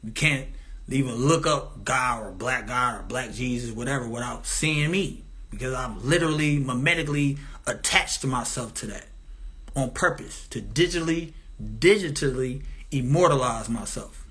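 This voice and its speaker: With a medium-pitched, sharp voice at normal speed, this commentator delivers a rambling monologue. He is profane and grandiose, meandering and frequently starting over.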